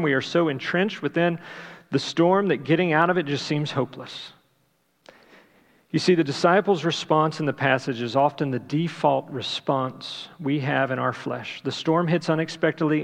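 A male pastor preaching with a slightly raised pitch and a gravelly edge to his voice. He speaks emphatically, asking the congregation rhetorical questions and repeating his main points. His voice rings out in the long reverb of a large church hall. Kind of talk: sermon.

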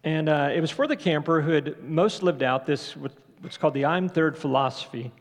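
A man preaches to his congregation, talking it through casually and asking questions. His voice sits a little high with a gravelly edge. It rings out in a reverberant church sanctuary. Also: normal speed. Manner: conversational, asks the congregation questions. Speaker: pastor. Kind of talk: sermon.

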